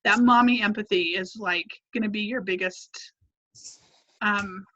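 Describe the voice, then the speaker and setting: A woman's voice: medium pitch, unhurried, fairly bright tone, dull audio, slight background noise. A woman who teaches a parenting class, answering a question casually with many restarts and examples of what to say to a child. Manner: conversational, many restarts, models phrases to say to kids. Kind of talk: advice in a live Q&A.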